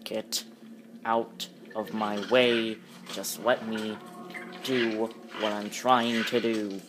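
A woman commenting live on her gameplay, frustrated and swearing constantly, shouting at enemies on screen. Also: rumbling low, little pitch movement, extremely slow, noisy background. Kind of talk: live let's-play commentary.

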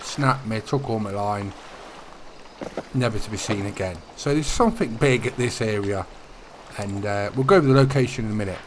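A man's voice: on the low side, moderate pace, noisy background. Chatty man narrating gameplay. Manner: chatty, relaxed, gives tips. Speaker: gaming YouTuber. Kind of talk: casual gameplay commentary.

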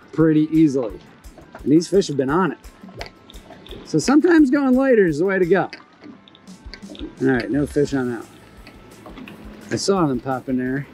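A man with a notably high voice gives excited commentary out on the water. He keeps exclaiming and cheering, then breaks into instructive tips on fishing technique, all spoken from a small boat outdoors. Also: normal speed, pauses often, soft background music, poor audio. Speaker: fishing video host.

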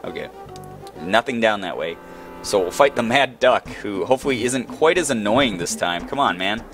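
A man's voice: fairly low pitch, lively intonation, normal speed, soft background music. A man giving casual, goofy commentary while playing a video game, joking with the characters on screen. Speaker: let's play gamer.

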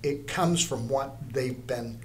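A man's voice: mid-range voice, slow pace, a little hiss or hum. An older man, an art teacher, telling a story in an interview, rambling, with many restarts.

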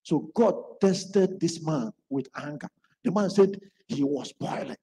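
Male preacher, fairly high pitch, mellow tone, storytelling sermon, long hall reverb. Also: lively intonation, unhurried. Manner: acts out quoted speech in his stories.

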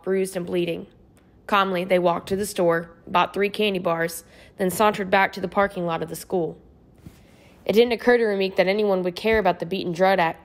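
An audiobook is narrated by a woman of mid-range pitch whose storytelling stays steady and measured throughout this scripted reading.

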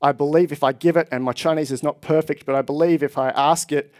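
A man's voice: mid-range voice, a little fast, hardly any pauses, darkish tone. A man giving a technical conference presentation on stage, explaining with enthusiasm and speaking to a live audience.

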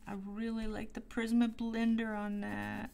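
Slow, gravelly-voiced woman coloring on stream. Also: on the high side, completely flat delivery. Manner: unhurried, musing, often trails into soft half-whispers. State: has the hiccups. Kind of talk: casual live-stream chat while coloring.

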